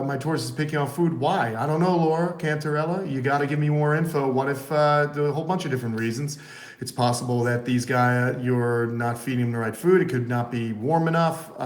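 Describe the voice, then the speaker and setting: A man with a runny nose chatting loosely on a live vlog about his tortoises and his house, full of "uh" fillers. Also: mid-range voice. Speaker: tortoise breeder and vlogger. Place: at home in Florida, indoors and by the front of his house. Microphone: phone camera, partly in selfie mode.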